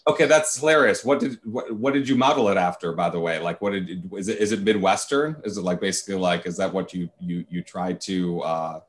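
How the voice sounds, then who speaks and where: A man hosting a podcast interview, speaking in a halting way with lots of filler words. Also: sits low. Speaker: podcast host. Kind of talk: casual interview chat.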